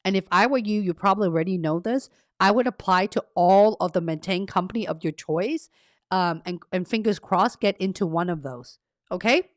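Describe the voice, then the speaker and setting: A woman's voice: mid-range voice, moderate pace, no room sound, clean studio sound. A woman career coach hosting a casual live stream, chatting with viewers, reading their comments aloud and laughing at herself. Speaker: career coach and livestream host. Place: carpeted home room treated to cut echo.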